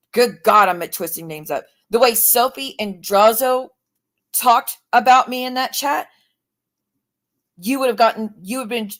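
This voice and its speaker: A woman's voice: medium pitch, a bit bright. A woman hosting a livestream, arguing defensively and swearing as her anger rises. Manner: defensive, swearing, rising to angry outbursts. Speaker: livestream host. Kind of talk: heated livestream argument.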